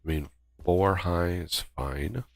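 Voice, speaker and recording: Deep-voiced, slow-paced male game streamer, casual, thinking out loud. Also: vocal fry, dry recording, clean studio sound. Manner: thinks aloud, counts off steps while building. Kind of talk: casual multiplayer gameplay chat.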